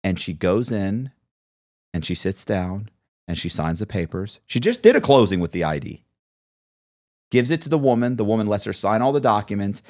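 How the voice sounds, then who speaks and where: A man with a somewhat low voice holds forth as an interview guest. He tells his story in long runs and acts out the voices of the people he quotes. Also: lively intonation, normal speed, a little mellow.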